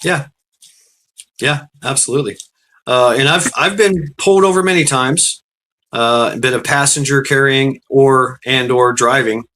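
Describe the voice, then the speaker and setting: Man, casual chat host, rambling anecdote, many fillers, laughs a lot, bright forceful voice. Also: measured pace. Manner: rambling, laughs often, acts out quotes with raised pitch. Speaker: podcast host.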